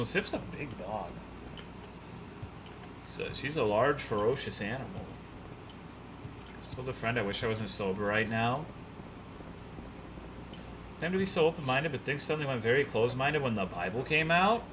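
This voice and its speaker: A man's voice: mid-range voice, lively intonation, moderate pace, pauses often, background noise. A young man streaming a game, chatting loosely and profanely, rambling and reading chat messages aloud. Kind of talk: casual gaming stream chat.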